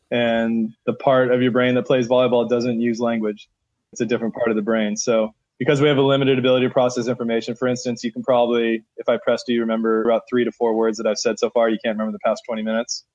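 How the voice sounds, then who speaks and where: A man's voice: mid-range voice, flat delivery, fast, darkish tone, dry recording, muffled recording. A man who coaches setters for a national team, talking emphatically in a podcast interview with lots of filler words.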